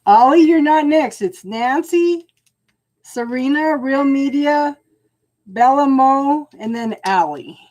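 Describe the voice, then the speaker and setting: An older woman with a high, slightly mellow voice hosts a relaxed tarot livestream, speaking slowly but with plenty of animation. She chats easily, laughs often mid-sentence, and greets viewers by name as she goes.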